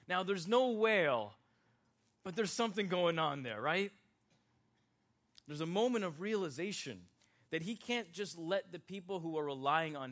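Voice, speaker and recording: A man's voice: fairly high pitch, a bit bright. A man preaching a sermon in a conversational, joking way, talking directly with his congregation. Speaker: pastor.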